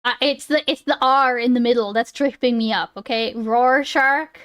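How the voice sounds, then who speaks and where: Woman streamer chatting, kinda high voice, cussing a lot, dry close sound. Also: a little fast, a bit bright, clear, resonant tone, dry recording. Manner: swears and laughs while stumbling over a word. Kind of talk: casual live-stream chat.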